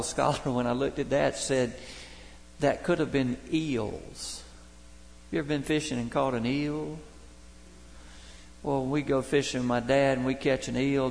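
A Baptist pastor preaching a sermon, telling folksy, humorous stories from daily life. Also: male voice, medium pitch, gravelly. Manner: folksy storytelling, homespun humor. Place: church sanctuary. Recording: long reverb of a church hall.

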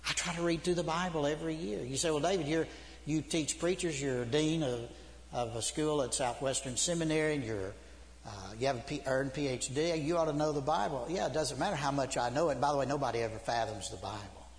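Guy preaching hard, loud then hushed, kinda high voice, big church echo. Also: a little fast. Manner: urgent, emphatic, swings from loud to hushed. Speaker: preacher, seminary dean. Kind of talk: sermon. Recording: long hall reverb.

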